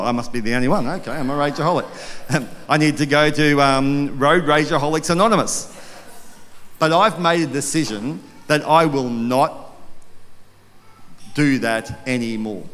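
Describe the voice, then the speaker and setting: A middle-aged pastor preaching with a slightly high voice, telling a story and bursting into acted voices. His voice rings out with a long reverb from a large hall. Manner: storytelling, animated, acts out quoted voices. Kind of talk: sermon.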